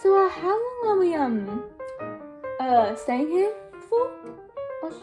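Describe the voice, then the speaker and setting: A woman's voice: very high voice, big pitch swings, slow pace, over music. A teenage girl performing a comic solo stage scene as a gushing, exasperated reality show host. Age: teens. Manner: dramatic, gushing, exasperated asides. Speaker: student actor playing a reality show host.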